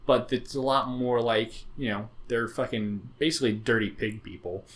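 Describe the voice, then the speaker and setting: Rambling, swearing podcast co-host. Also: male voice, medium pitch, moderate pace, a bit bright. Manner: rambling, profane, lots of fillers and restarts. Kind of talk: casual chat about tabletop games.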